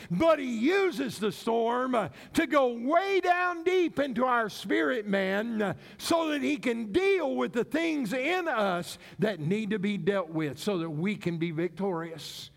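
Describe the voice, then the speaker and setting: Pastor, male, high-pitched, slow and deliberate sermon delivery, acts out quoted cries. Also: big pitch swings, creaky. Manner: preaching with dramatic pauses, acting out quoted cries.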